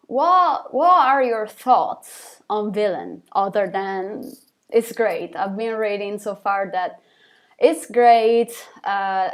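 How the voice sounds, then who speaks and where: A young woman who sings in a band reads fan questions aloud from a live chat and answers them casually at medium pitch, with lots of fillers and small laughs.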